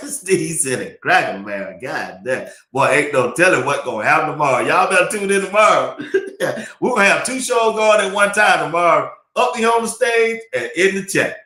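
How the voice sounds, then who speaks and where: A man's voice: a little high, expressive, moderate pace, bright, forceful tone. A man hosting a live sports talk stream, laughing often and chatting loosely while reading viewer comments. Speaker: livestream sports talk host. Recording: echoey room.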